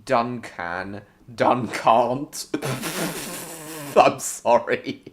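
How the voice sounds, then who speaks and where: A man's voice: mid-range voice, expressive, drawn-out words. A man hosting a casual live stream, rambling with jokey, self-mocking asides.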